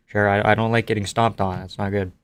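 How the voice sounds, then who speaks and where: A man's voice: lowish voice, level tone, a little fast, clean tone. A man from Canada streaming live, reading out viewer comments and answering them offhandedly with casual swearing.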